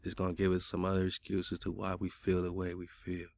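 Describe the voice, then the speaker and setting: A man's voice: low voice, monotone, normal speed, creaky, darkish tone, no room sound. A man hosting a casual radio talk show, arguing back in loose, colloquial speech. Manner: argumentative, colloquial, talks back at a chatbot.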